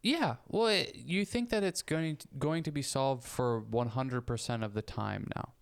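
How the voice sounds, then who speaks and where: Podcast co-host, male, smooth clear voice, earnest and casual, swears now and then. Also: mid-range voice, moderate pace. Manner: earnest, reasoning with sports comparisons, casual swearing. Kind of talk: casual conversation.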